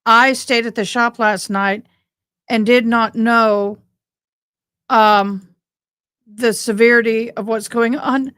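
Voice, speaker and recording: Woman, high voice, slow pace, tearful live host, dry close sound. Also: steady tone, fairly bright tone, smooth, no echo. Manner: shaken and tearful, keeps addressing viewers as y'all. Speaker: livestream host. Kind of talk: emotional live commentary.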